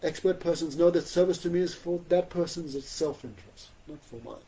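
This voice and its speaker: Soft-spoken man teaching a relaxed spiritual class. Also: fairly high pitch, brisk, breathy edge, low-quality recording. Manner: conversational, often asks "you know?"; gently humorous, laughs often. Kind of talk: informal religious class.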